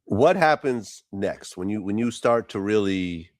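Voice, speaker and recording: A male interviewer with a very low voice asks his questions carefully, rephrasing midway as he goes. The sound is dry, with no room echo. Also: animated, unhurried.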